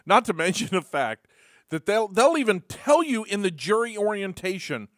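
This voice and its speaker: Storytelling radio co-host, man, fairly high voice. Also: normal speed, no echo, studio quality. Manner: animated storyteller, gets loud and worked up. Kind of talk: casual radio banter. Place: radio studio. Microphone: studio microphone.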